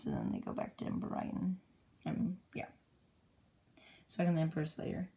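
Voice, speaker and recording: Excitable gravelly-voiced woman telling a story. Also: sits low, normal speed. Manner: excitable, jumps into brief character voices. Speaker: creator retelling own comic journal. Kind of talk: rambling casual storytelling.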